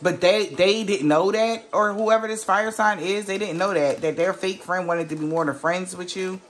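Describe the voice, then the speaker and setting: A woman's voice: on the low side, normal speed, slight background noise. A woman giving a casual tarot reading to a viewer, blunt and emphatic, swearing freely and firing off rhetorical questions. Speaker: tarot reader.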